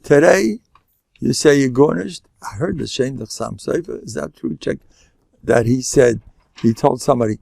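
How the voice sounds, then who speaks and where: A man's voice: mid-range voice, moderate pace, vocal fry, a little mellow, no echo. An older man, a rabbi teaching a class, lecturing live to an audience in a joking way and sprinkling in Yiddish and Hebrew terms.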